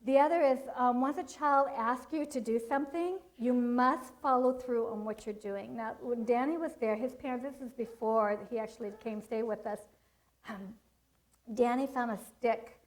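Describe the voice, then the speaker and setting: Middle-aged female speaker, high-ish voice, lively faith-based parenting talk. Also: moderate pace, low-quality recording. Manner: animated storytelling, laughs often, acts out quotes. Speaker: Christian child-training speaker. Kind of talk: storytelling talk to a church audience.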